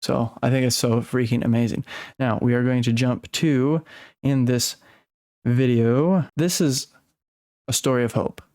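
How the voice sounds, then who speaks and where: A man's voice: mid-range voice, steady tone, measured pace, darkish tone. A man hosting a podcast, reacting to a clip with emphatic commentary and repeating phrases as he searches for words. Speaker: podcast host.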